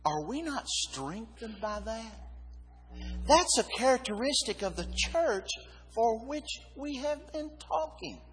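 A man preaching a sermon, emphatic, dropping low and quiet then rising again. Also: sing-song, slow pace, a little hiss or hum. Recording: long reverb of a hall.

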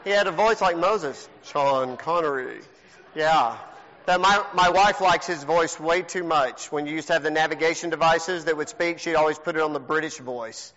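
A man's voice: fairly high pitch, moderate pace. Teasing man hosting a church game. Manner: teasing, joking, animated. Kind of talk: playful game hosting to a congregation. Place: church sanctuary. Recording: long hall reverb, dull lo-fi sound.

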